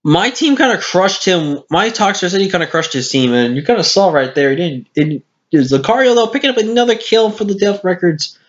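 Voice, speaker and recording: A man's voice: high voice, brisk, hardly any pauses. A tired man giving casual commentary over a game replay, rambling and correcting himself as he goes. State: tired, hiccuping. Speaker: gaming commentator. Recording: lo-fi screen-capture mic.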